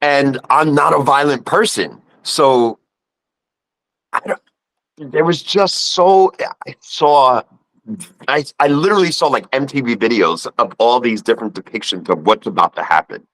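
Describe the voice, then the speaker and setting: A man's voice: medium pitch, a little slow, fairly bright tone, dry recording, rough recording. A man in his fifties with a New York accent, a guest telling a personal story in casual conversation and acting out the voices he quotes. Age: 50s.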